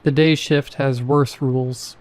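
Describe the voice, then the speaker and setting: A man voicing an apathetic male night security guard who speaks in a flat, bored monotone. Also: mid-range voice, measured pace, lightly acted. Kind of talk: horror story narration.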